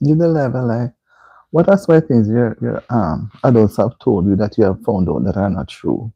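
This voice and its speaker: A man's voice: fairly low pitch, expressive, moderate pace, creaky, husky, no room sound, highs cut off. A man hosting a casual live stream, reading viewer comments aloud and repeatedly asking people to like the stream. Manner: reads viewer comments aloud and keeps urging likes.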